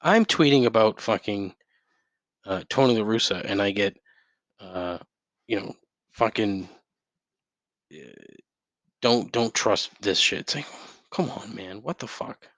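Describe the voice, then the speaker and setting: A lower-pitched man rants alone into a dry, close mic, swearing constantly and restarting his sentences. He drifts off-track, then flares up into heated outbursts. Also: a little slow, long pauses, a bit bright, dry recording. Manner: profane, rambling, with frequent restarts and outbursts. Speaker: podcast host. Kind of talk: solo podcast rant. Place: home.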